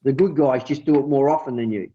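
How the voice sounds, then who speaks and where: A man hosting a casual sailing podcast, chatting in a relaxed, storytelling way. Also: mid-range voice, fast talker. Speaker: podcast host. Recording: muffled lo-fi audio.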